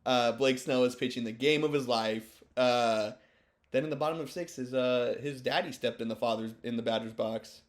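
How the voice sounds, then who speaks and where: High dude riffing on baseball clips, swears a lot, rambly. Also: male voice, moderate pace. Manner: rambling, profane, joking. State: stoned. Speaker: video host. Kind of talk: casual sports commentary over clips.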